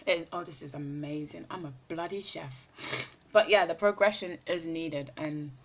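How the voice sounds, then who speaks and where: A woman's voice: low voice, a little slow. A woman talking effusively in a casual video diary, full of fillers and repeated words, at times chewing as she speaks. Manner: talks while eating. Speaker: vlogger.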